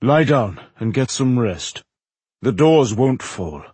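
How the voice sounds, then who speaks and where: A man voicing an ancient, kindly undead dwarf king who speaks calmly and reassuringly. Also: medium pitch, slow, breathy edge, dry recording. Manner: calm, reassuring.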